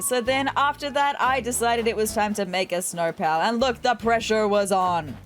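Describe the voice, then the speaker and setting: A woman's voice: on the high side, moderate pace, hardly any pauses. A woman hosting a let's-play, chatting casually and playfully through her game with wry asides. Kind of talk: casual game commentary, reading characters' lines aloud. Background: faint game music.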